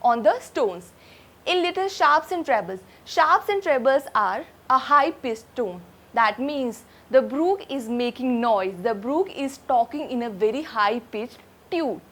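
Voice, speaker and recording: A woman's voice: high-pitched, animated, unhurried, fairly bright tone. A woman teacher with an Indian English accent explaining a poem line by line, repeating words for emphasis. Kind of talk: poetry lesson explanation.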